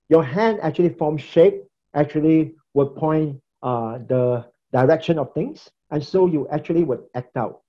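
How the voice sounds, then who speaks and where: A man's voice: fairly high pitch, dull audio. A man teaching a lesson on preaching from his laptop, in a loose conversational way that repeats phrases as he gestures. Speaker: preaching instructor. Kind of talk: recorded lecture on preaching. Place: indoors at a laptop.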